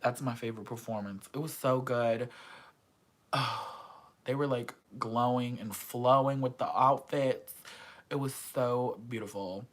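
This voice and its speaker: A vlogger chatting casually and excitedly about a concert, full of slang and swearing. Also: mid-range voice, unhurried. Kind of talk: casual chat.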